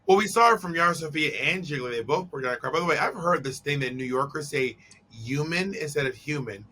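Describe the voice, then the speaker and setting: A man's voice: on the high side, animated, fast, heavy background noise. A man in his thirties hosting a show, chatting casually and teasing his co-host in a laid-back, playful way. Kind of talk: casual recap chat.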